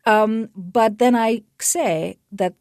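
A middle-aged woman explaining research findings in a radio interview, animated and given to restarts. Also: a little high, slow, no room sound, studio quality. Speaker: guest researcher.

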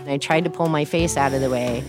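Low-voiced woman from Texas, candid. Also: fairly quick, music in the background. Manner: casual and candid, with "like" fillers. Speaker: interview guest. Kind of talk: personal storytelling in an interview.

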